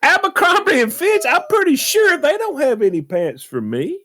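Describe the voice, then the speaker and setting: Animated self-mocking storyteller man. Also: extremely high pitch, normal speed. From United States. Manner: self-deprecating, animated, laughs at his own story. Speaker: radio show regular. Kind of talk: casual storytelling on radio talk show.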